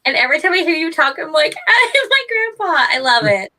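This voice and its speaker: A woman's voice: high-pitched, big pitch swings, a little fast, bright, forceful tone. A woman chatting on a live stream in a bubbly, emotional way. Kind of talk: casual chat on a live stream.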